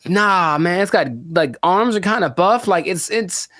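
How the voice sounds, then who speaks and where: A man's voice: high voice, measured pace, fairly bright tone, dry recording, studio quality. A man co-hosting a podcast in casual chat, rambling and self-deprecating, laughing often at himself. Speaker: podcast co-host.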